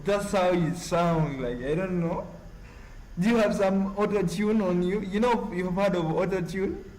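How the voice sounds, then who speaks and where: A man's voice: high voice, darkish tone, low-quality recording. Rambling Ugandan man hosting a stream. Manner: rambling, halting, full of fillers. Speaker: live-stream host reading chat. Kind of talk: casual live-stream chat.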